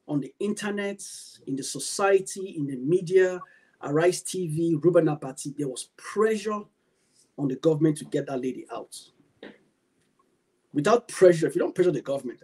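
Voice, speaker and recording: A man's voice: a little high, warm tone, a little hiss or hum, low-quality recording. A man with a Nigerian English accent, speaking as a panel guest and giving impassioned commentary that repeats points for emphasis. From Nigeria, Benin (Edo). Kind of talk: impassioned talk-show commentary.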